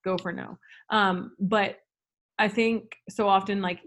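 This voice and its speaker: A woman's voice: medium pitch, fairly even intonation, slow, a bit bright. A woman talking casually on a video call, full of "like" and "um" fillers. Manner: chatty, lots of "like" and "um" fillers. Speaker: guest. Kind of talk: casual Zoom chat.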